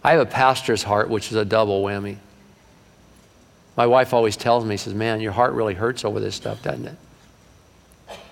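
A middle-aged male pastor preaching a sermon in a church, folksy and animated, slipping into acted-out voices. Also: fairly low pitch, brisk, vocal fry. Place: church sanctuary. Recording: long reverb of a large hall.

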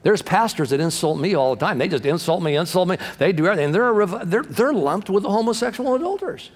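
A high-voiced male pastor preaching with animated energy, swinging from booming lines to hushed asides and acting out the people he quotes. His voice rings with the long echo of a large hall. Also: quick pace. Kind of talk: sermon.

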